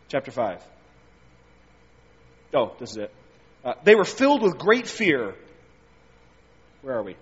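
A man delivers an expository sermon in a high, husky voice, reading scripture and driving his points home with emphatic rises. His voice rings with long reverb through a large hall. The recording itself sounds dull and muffled. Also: big pitch swings, moderate pace, pauses often. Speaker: preacher.

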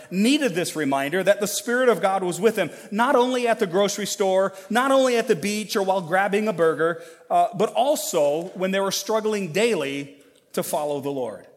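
A man's voice: high-pitched, long reverb tail. A man preaching a sermon to his church, earnest and emphatic, building intensity as he presses a point. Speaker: pastor.

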